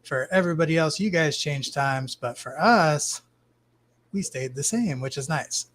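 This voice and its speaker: A man hosts a casual live stream from his home fish room. His voice sits a little higher than most men's, and he talks in a relaxed, friendly way, reading viewer names off the chat. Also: unhurried. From Arizona, US. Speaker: livestream host.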